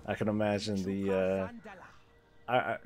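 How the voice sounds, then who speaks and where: A man with a somewhat low voice talks casually on a gaming livestream. He rambles, restarts sentences and laughs easily as he chats with his viewers. He speaks into a desk microphone. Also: little pitch movement, a little slow. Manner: rambling, self-interrupting, laughs often.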